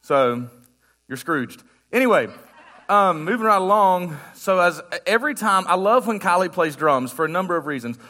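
A man preaching as a guest pastor in a church, talking to the congregation in a loose, joking way. His voice sits high and sounds bright and forward. He keeps it conversational throughout. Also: expressive, normal speed. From United States. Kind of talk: sermon. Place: church sanctuary.

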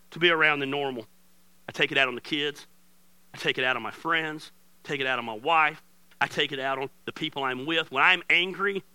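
A middle-aged man preaching a sermon as pastor, candid and joking, with swings from loud to quiet. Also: a little high, dry recording.

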